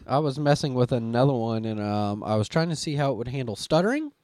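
Speaking quickly in a mid-range voice on a dry recording, a young male podcast host spins animated stories in relaxed conversation, dropping casual swears as he goes.

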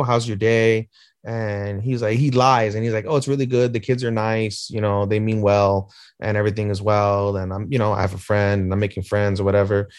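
A man's voice: lowish voice, dry recording, studio quality. A man co-hosting a podcast, recapping an anime episode in casual chat, acting out the characters' lines with lots of swearing. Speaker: podcast co-host.

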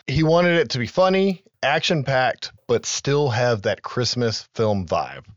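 A man's voice: mid-range voice, expressive, measured pace, no echo, dull audio. A man co-hosting a podcast, chatting casually as he recaps film trivia with loose asides and some profanity. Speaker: podcast co-host.

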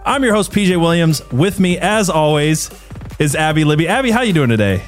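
A man's voice: a little high, expressive, a little fast, soft background music. A man hosting a podcast in a casual, jokey way, laughing often and chatting with his co-host.

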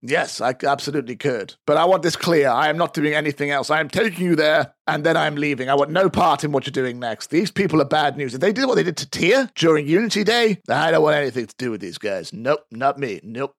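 A man's voice: a little high, lively intonation, quick pace, hardly any pauses, no echo, clean studio sound. A man voicing a secretive, dramatic male mousefolk informant in a tabletop game, talking in a theatrical, conspiratorial way. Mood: firm.

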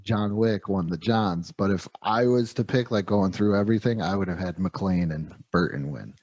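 Low-voiced dude hosting a movie podcast, chatty and excited, dead dry mic. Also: male voice, normal speed, dry recording. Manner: enthusiastic, rambling, quotes movie lines. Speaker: podcast host. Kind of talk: casual movie review chat.

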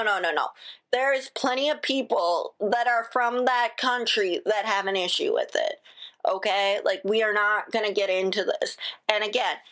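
A woman's voice: medium pitch, fairly bright tone. A woman from the United States hosting a solo podcast, talking in a rambling, chatty way and often breaking off her own sentences. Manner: rambling, chatty, self-interrupting with "again". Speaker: podcast host.

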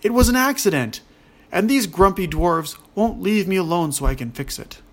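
A man voicing a big, clumsy male ogre who wears glasses and speaks loudly. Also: on the low side, a little slow, gravelly, background noise. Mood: upset. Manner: loud, defensive.

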